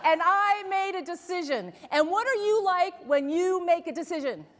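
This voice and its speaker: A woman motivational speaker telling stories in a keynote speech, animated and laughing, asking the audience questions. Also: very high voice, moderate pace, a faint crowd. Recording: large hall with long reverb.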